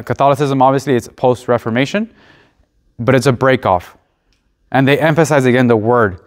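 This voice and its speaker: Young male seminarian, mock tour guide for a class presentation, earnest, chatty, stumbles and restarts now and then. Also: mid-range voice. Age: young adult. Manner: conversational and earnest, with restarts and uh fillers.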